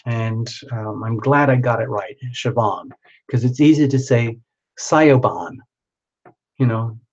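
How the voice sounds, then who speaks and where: A man's voice: medium pitch, normal speed, darkish tone, muffled recording. A man hosting a live tarot reading, chatting and rambling as he reads out viewers' names.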